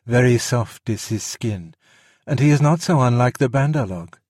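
A man voicing a great old python in a storybook reading, speaking slowly and low. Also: lively intonation, no echo, studio quality, natural voice. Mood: sly. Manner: slow, low and hushed.

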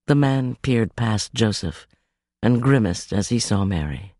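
A male storyteller reads slowly with a husky voice and a lively, rising-and-falling melody. The sound is close and dry, with no room around it. The delivery is measured and expressive. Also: on the low side, no echo. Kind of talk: scripted story narration.

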